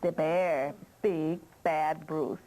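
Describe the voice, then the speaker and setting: A woman telling a children's story slowly and expressively, asking listeners questions. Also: low-pitched, fairly even intonation, noisy background.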